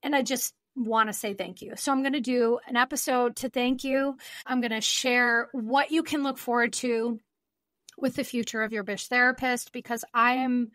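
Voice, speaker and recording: Chatty woman podcast host, bright voice. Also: a little high, fairly even intonation, moderate pace, no room sound. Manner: chatty, informal, laughs often. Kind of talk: solo podcast monologue.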